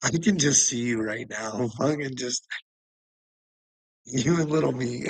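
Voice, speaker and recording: A channel host rambles through a livestream rant in a slow, husky, mid-range voice with vocal fry, on a rough recording with no room sound. He laughs constantly as he talks, swears heavily, and mocks people by name.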